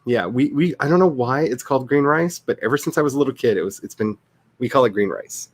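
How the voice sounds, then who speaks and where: A man's voice: medium pitch, lively intonation, fast, no room sound. A man, chatting casually and rambling on a livestream. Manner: rambling and chatty, laughing often. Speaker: author and streamer.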